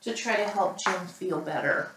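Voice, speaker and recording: A woman librarian reading a picture book aloud to children, animated and asking her listeners questions. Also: on the low side, moderate pace, noisy background. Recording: roomy, mic at a distance.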